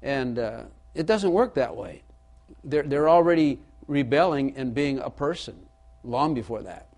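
Speaking a little slowly, a man with an expressive, medium-pitched, slightly mellow voice gives a folksy, story-filled sermon. He addresses asides and questions to the audience and repeats his main lines for emphasis.

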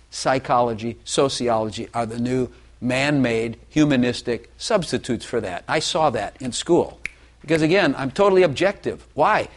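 Older man giving earnest confessional testimony. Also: mid-range voice. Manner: earnest, self-deprecating, halting. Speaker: speaker giving personal testimony.

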